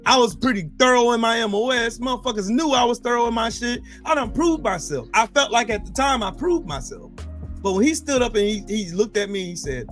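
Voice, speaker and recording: A middle-aged man hosting a podcast, telling military stories in a casual, profane and animated way. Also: fairly quick, faint music behind. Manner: animated, profane, swings between loud and low. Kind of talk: casual storytelling chat.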